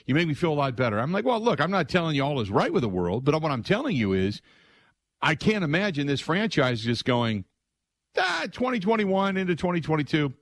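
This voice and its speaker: A middle-aged male sports radio host, telling a long rambling story full of asides in an excitable way. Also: fairly high pitch, no echo, studio quality. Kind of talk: animated storytelling monologue.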